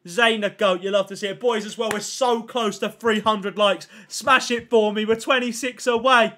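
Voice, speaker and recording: With slight background noise, a young man livestreams a game and talks casually to viewers at normal speed in a voice that sits high. He's excitable and slangy, constantly thanking chat and loudly reacting as packs open.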